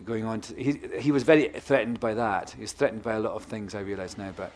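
A man's voice: on the low side, fairly even intonation, fast. A man guest author talking at a live book festival, rambling and restarting, then turning into a playful showman. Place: festival stage before a live audience. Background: audience crowd.

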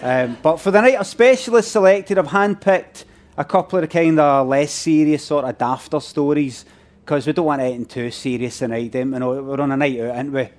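A man's voice: a little high, brisk. A middle-aged Glaswegian man doing chatty, self-mocking stand-up on stage, talking to the audience. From Scotland. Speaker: comedian on stage. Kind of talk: live stand-up banter with audience. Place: theatre stage. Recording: live venue, crowd noise. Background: audience laughter and murmurs.

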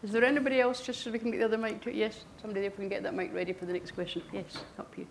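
A woman chairing a live event, brisk, with dry interjections. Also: mid-range voice, level tone, gravelly, slight background noise.

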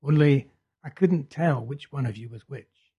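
A man reading the part of a feverish young man urgently telling a vision, in a husky voice. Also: mid-range voice, measured pace, muffled recording. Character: feverish young male prophet, intense and urgent.

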